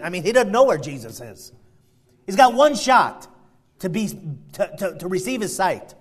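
Preacher man, rising to shouts. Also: high-pitched. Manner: builds from quiet prayer to loud, shouting emphasis. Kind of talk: sermon.

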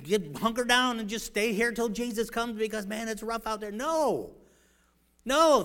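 A man preaching a sermon in a rambling way, with many fillers and restarts, swinging from loud emphatic bursts to quiet storytelling. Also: high voice. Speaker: pastor.

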